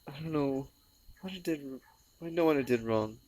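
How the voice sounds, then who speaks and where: A grieving man talking in a personal vlog, halting and tearful, repeating himself and trailing off. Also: a little high, mellow, no echo, rough recording. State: tearful, voice breaking. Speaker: vlogger.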